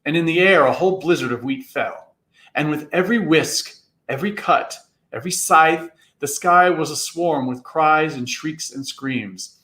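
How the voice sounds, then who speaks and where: A man reads a classic novel aloud with theatrical flair at a moderate pace, his voice pushed and bright. He leaps into character voices with big pitch jumps as he narrates, and the room around him is echoey.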